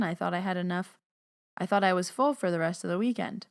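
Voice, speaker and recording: A woman in her thirties hosts her own podcast, spinning personal stories in a loose, chatty way. Her voice sits a little low and comes across smooth and clear. She talks in an animated, conversational flow full of filler words. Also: fast. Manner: chatty, animated retelling with lots of "like". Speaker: podcast host and medium. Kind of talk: casual storytelling monologue.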